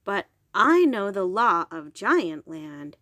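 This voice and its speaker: A woman voicing a plain-spoken father in a storybook reading, speaking calmly. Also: medium pitch, slow, no echo, full character voice.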